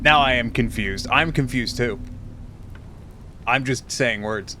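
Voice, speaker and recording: A man's voice: medium pitch, takes it slowly, bright, forceful tone, slight background noise. A man streaming live, chatting casually and teasingly with his viewers while tired and rambling.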